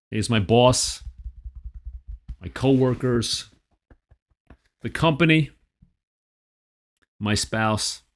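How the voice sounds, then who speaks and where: Man, lowish voice, very animated pitch, guided tapping session, repeat-after-me phrasing. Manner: repeats phrases for the listener to echo, swings from calm to heated. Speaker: tapping practitioner.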